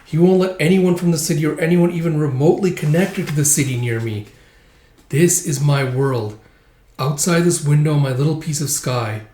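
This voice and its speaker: A man voicing a sad, sheltered young princess in a soft, earnest way, in an echoey room. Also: on the high side, normal speed, close to an everyday voice. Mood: sorrowful.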